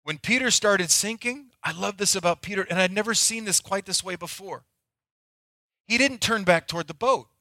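A man preaches to his church with a bright, slightly high voice, swinging between loud, pleading bursts and hushed, close-to-whisper moments. The sound is dry and close. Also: normal speed, no room sound. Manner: dynamic preaching, swinging from loud acted pleas to near-whispers. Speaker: pastor. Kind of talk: sermon.

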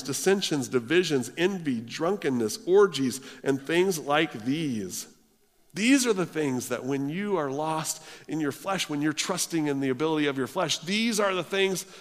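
A pastor preaching a sermon, swinging from hushed low phrases to loud, pressing lines as he quotes scripture. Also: long reverb tail.

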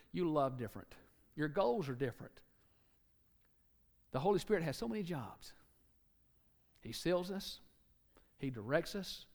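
Man, Southern accent, preacher, sermon, high-pitched, emphatic, repeats key words. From Alabama.

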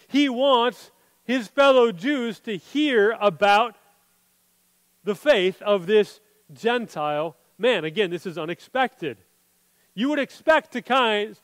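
Male pastor, high voice, earnest sermon delivery, long reverb tail. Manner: earnest preaching, drops to a hushed voice when quoting scripture.

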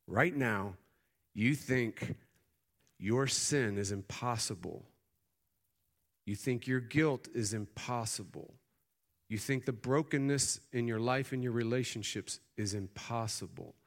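A male pastor preaching a sermon, building to loud emphatic peaks and then dropping into quiet, easy storytelling. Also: lowish voice.

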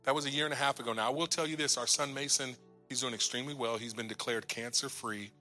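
A guest minister in his forties shares a personal testimony with a church congregation, speaking fast in a bright, forward voice with fairly even intonation. He acts out his own lines and others' as he retells each exchange. At emotional turns his tone drops low and quiet, with soft music faintly underneath.

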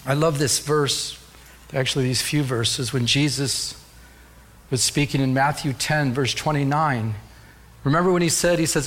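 A man's voice: medium pitch, normal speed, a bit bright. A middle-aged man preaching a sermon as pastor, telling a personal story and rising to fervent calls to the congregation.

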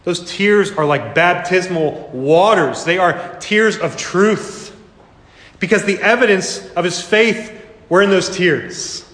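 Earnest preacher in an echoey church. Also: male voice, high-pitched, fairly bright tone. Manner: earnest, with dramatic slow emphasis and repetition. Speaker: pastor. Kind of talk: sermon. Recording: echoey hall reverb.

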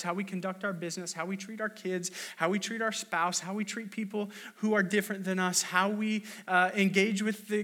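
A man's voice: high-pitched, a bit bright. A man preaching a sermon in a conversational, storytelling way, with many restarts and acted quotes. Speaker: pastor.

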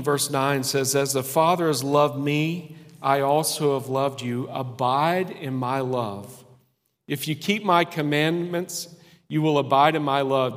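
A man preaches a sermon in a church sanctuary, earnest and folksy, pausing between phrases and laughing at himself. His voice sits in an ordinary middle register. The sound carries the long reverb of a large hall. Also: medium pitch, fairly bright tone.

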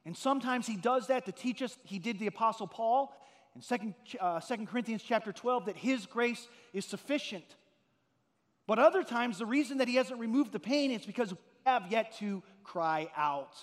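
A middle-aged man preaching a sermon as a pastor, telling stories earnestly and rising to loud, emphatic peaks. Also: extremely high pitch, animated, normal speed, in a large hall.

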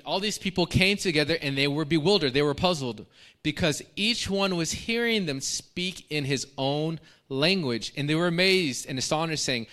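Bright-voiced man preaching a lively sermon. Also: fairly high pitch. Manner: animated preaching with asides and audience prompts. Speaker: pastor.

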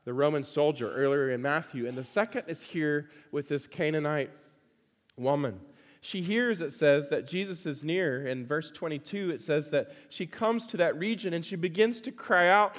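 Man, preacher, sermon, emphatic, repetitive phrasing, high voice, long reverb. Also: normal speed. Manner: emphatic, repeats phrases for stress, addresses the congregation directly.

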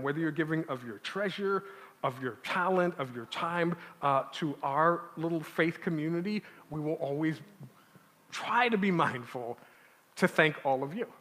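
A pastor with a slightly high, fairly bright voice preaches a sermon in a church sanctuary, speaking conversationally with asides and restarts. Long church reverb fills the recording.

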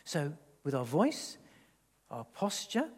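A man's voice: on the high side, slow, slightly rough. Man preaching in an echoey hall. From England. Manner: animated, rambling, with many restarts. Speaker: pastor. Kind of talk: sermon. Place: church hall.

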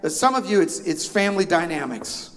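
A man's voice: sits high, lively intonation, brisk, fairly bright tone. A middle-aged man preaching a sermon, telling a family story with self-deprecating humor and asides to the congregation. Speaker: pastor. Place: church sanctuary. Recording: long hall reverb.

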